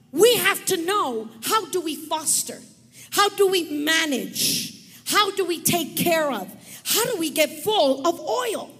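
A woman preacher giving an emphatic sermon, repeating key words and calling on her listeners to shout them back. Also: very high voice, big-room sound.

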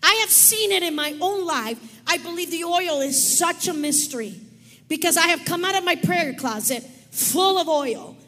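A woman preacher giving an emphatic sermon, repeating key words and calling on her listeners to shout them back. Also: very high-pitched, lively intonation, normal speed, big-room sound.

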